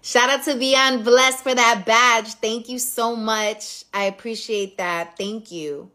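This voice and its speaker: A woman's voice: a little high, slow pace. Candid, profane New York woman streaming. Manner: candid, profane, animated, talks straight to viewers. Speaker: livestream host. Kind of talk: casual livestream storytelling.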